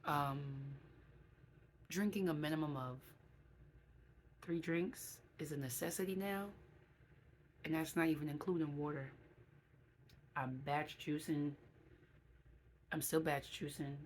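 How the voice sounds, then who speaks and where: A woman's voice: low voice, fairly even intonation, slow pace, long pauses, a little hiss or hum, poor audio. A woman talking candidly to her viewers in a casual vlog, in an emotional, chatty way. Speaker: vlogger.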